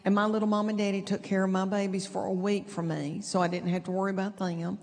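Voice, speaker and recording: A woman's voice: medium pitch, level tone, darkish tone. A middle-aged woman from East Tennessee with a Southern accent, telling chatty stand-up stories and drawing out her punchlines. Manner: folksy, chatty, drawn-out punchlines. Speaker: stand-up comedian. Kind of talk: stand-up storytelling. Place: theater stage with audience. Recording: live stage mic in a reverberant hall.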